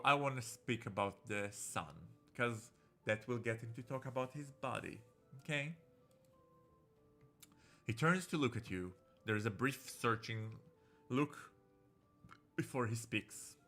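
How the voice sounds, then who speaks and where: With a sharp, mid-range voice, a man plays a visual novel on stream and reads the game text out loud. His casual commentary is playful and campy, and faint game music sits underneath.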